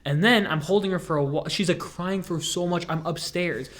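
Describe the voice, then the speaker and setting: A man's voice: high voice, a little fast, fairly bright tone. Young man rambling in a casual podcast chat. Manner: rambling, jokey storytelling with many fillers. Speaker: podcast host.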